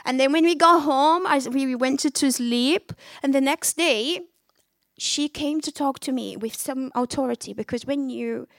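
A woman from Brazil speaks English with a Brazilian accent in a fairly high voice, recounting her own story in an earnest, candid testimony. The sound is close and dry, with almost no room around her. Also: measured pace, no echo. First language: Portuguese. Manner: earnest, candid storytelling with lively acted-out quotes. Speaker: speaker giving a faith testimony. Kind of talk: personal testimony.

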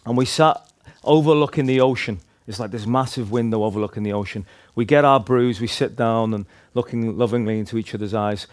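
A Northern Irish man recounts a personal story to a gathered group, his voice sitting at an ordinary middle pitch. He talks casually and rambles, circling back with restarts and filler words as he goes. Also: a little fast. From Northern Ireland. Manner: chatty, rambling, lots of restarts and "like". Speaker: speaker sharing a testimony.

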